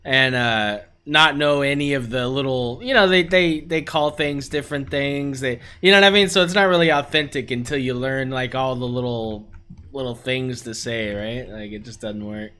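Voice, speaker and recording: A man's voice: mid-range voice, normal speed, bright, forceful tone, smooth. A man hosting a live stream, chatting casually in a laid-back, rambling way with plenty of fillers. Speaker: streamer and host.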